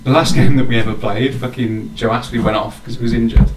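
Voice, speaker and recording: A young man tells rowdy stories among friends. He swears freely and laughs as he talks. The mic sits far from him in an echoey room with steady noise. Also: medium pitch, fast talker. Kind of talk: casual banter among friends.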